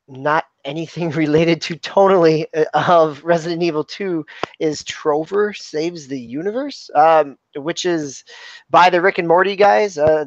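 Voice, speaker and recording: A man co-hosting a gaming podcast, explaining quickly in casual chat with many fillers. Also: on the high side, dry recording. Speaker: podcast co-host. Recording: dull dry lo-fi mic.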